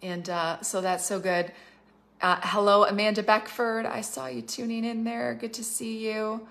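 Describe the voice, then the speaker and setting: A woman's voice: mid-range voice, flat delivery, unhurried, vocal fry, a bit bright. Fervent woman preaching on a livestream. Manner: fervent, emphatic, speeds up in asides. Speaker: prophetic minister and school leader. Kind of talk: livestreamed prophetic teaching.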